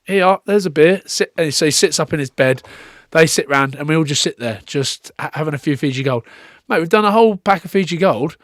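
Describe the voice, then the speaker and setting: A man's voice: a little high, brisk, hardly any pauses, fairly bright tone, no echo, studio quality. A man from Scotland, a former rugby player, telling stories as a podcast guest in casual chat. He swears freely and acts out the people he quotes.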